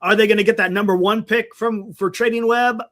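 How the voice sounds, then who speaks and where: High-voiced man rambling on a sports livestream. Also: steady tone, fairly quick, fairly bright tone. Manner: rambling, thinks aloud, reads names off a list. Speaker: sports talk livestream host. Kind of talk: casual sports talk. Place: home livestream setup. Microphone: desktop mic on a live stream.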